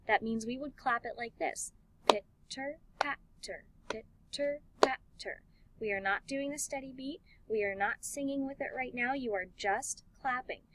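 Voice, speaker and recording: A woman music teacher giving an elementary music lesson, talking slowly and clearly and encouraging the class. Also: a little high, fairly bright tone, slight background noise, poor audio. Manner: slow, clear, encouraging teacher talk with sung and chanted examples.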